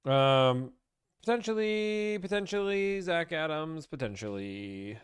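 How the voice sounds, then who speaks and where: A man's voice: medium pitch, animated, fairly quick, smooth, dry recording, studio quality. A man hosting a casual livestream, hyped and playful, talking straight to his live chat. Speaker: livestream host.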